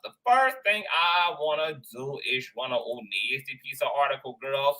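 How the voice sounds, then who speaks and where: A man hosting a casual livestream, greeting viewers one by one with lively slang. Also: on the high side, low-quality recording. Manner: animated, shouting out viewers, slang-heavy. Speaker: livestream host.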